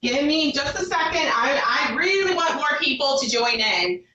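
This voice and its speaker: A woman's voice: high-pitched, expressive, normal speed, bright, forceful tone. A woman talking into her phone on a livestream, agitated and defiant, swearing as she tells her own story. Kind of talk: emotional livestream monologue.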